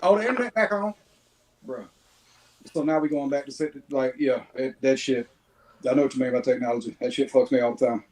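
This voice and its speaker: A man's voice: mid-range voice, level tone, brisk, mellow, low-quality recording. A man with a Southern US accent, chatting bluntly and swearing freely as a guest. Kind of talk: casual chat.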